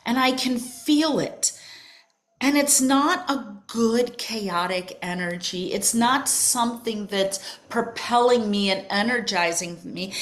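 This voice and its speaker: An older woman hosting a podcast, telling a personal spiritual story in a soft, emotional way that drifts into whispers. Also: mid-range voice. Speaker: podcast host.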